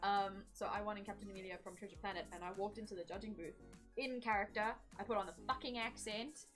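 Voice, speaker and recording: A woman chatting casually in a lively, laughing way, swearing now and then. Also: medium pitch, fast talker, faint music behind. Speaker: cosplayer. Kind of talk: casual chat.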